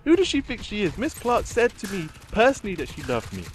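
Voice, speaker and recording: Lively young man telling a story. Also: high-pitched, fast, slight background noise. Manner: chatty, giggly, rambling with fillers. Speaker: gaming commentator. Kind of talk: casual storytelling over gameplay.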